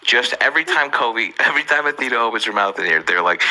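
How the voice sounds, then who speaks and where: A man's voice: on the low side, quick pace, few pauses, bright, forceful tone, poor audio. A man hosting a casual chat, joking loosely and swearing now and then. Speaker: host.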